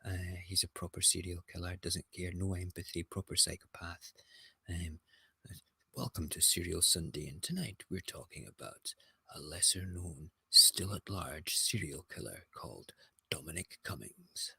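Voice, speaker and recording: Guy hosting a morning show, deep and husky, gleefully mocking the papers. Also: moderate pace, bright, forceful tone, dry recording. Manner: gleeful, mocking, ranting commentary on headlines. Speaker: host. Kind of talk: casual morning news rant.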